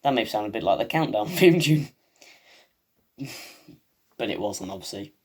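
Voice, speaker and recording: A man's voice: on the low side, lively intonation, moderate pace, slightly rough. A man hosting a video, giving a rambling, casual recap of a TV episode full of "um" and "like". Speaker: video host.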